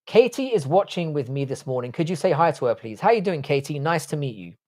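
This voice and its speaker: A man's voice: a little high, very animated, fairly quick, darkish tone. A young English man with an English accent, hosting a livestream and chatting bluntly with swearing while reading viewer comments. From England. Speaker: livestream host.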